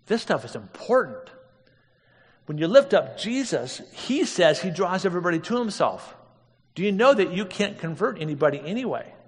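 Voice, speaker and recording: A lively male preacher with a slightly raised voice tells stories to a crowd, tossing out rhetorical questions and laughing along. The sound rings out with the long reverb of a big hall. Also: on the high side. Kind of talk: storytelling sermon.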